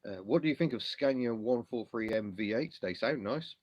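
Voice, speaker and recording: A man's voice: medium pitch, lively intonation, normal speed, darkish tone, dry recording, muffled recording. A man from England hosting a car livestream, reading out and answering viewer questions in a chatty, self-deprecating way with lots of ums. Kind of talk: casual live chat reading comments.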